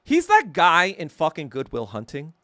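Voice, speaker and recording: In a dry recording, a man with a slightly high, somewhat bright voice and wildly swooping pitch talks at a normal pace. He's a podcast host spinning a story into a heated, sarcastic, profane rant, laughing at his own expense.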